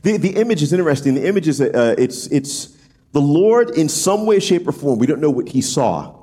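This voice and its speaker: A man's voice: fairly quick, slightly rough. A man preaching an expository sermon, talking it through casually with frequent restarts and acting out quoted pleas. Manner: animated, acts out quoted pleas in a high voice; conversational, repeats words as he thinks aloud. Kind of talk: expository Bible teaching.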